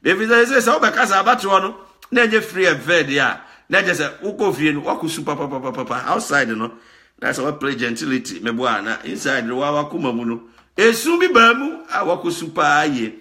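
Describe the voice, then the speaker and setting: A man's voice: fairly high pitch, sing-song, brisk, pushed and bright. A Ghanaian man hosting a talk show, commenting emphatically, often repeating words and laughing. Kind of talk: animated commentary mixing Twi and English.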